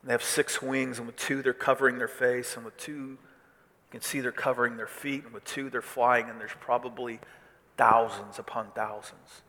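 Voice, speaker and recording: Bright-voiced preacher in a reverberant hall. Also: male voice, mid-range voice, normal speed. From Missouri. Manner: animated preaching, swinging between loud declarations and hushed asides. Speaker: pastor. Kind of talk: sermon.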